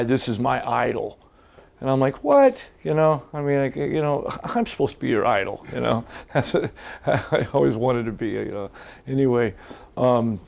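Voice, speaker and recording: Man, gravelly voice, easygoing recollection. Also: mid-range voice, a little mellow. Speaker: interviewee. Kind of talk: documentary interview recollection.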